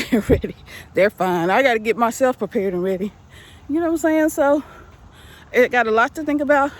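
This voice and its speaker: A middle-aged woman, out of breath, giving a casual, encouraging vlog as she walks outdoors on a residential street, repeating her points with a preachy insistence. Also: sits high. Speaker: vlogger. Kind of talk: casual motivational vlog while walking. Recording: faint street noise outdoors.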